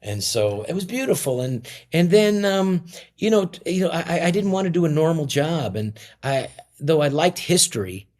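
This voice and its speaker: A middle-aged man, a comedian guest in an interview, tells stories casually and rambles, restarting often and using lots of fillers. His voice is a little high and slightly mellow, very animated, at a normal speed.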